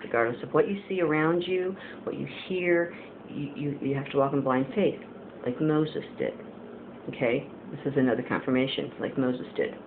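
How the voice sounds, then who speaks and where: With a rumbling low voice at normal speed, a woman shares a casual, earnest spiritual testimony as a Christian video blogger, rambling and using many fillers. Her recording sounds tinny, like a phone, with a faint hiss.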